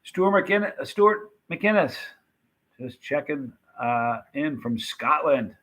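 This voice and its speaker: A man hosting a casual live stream, reading viewer comments and rambling excitedly about old movie scenes. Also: on the high side, takes it slowly. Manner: chatty, rambling, animated retelling of movie scenes.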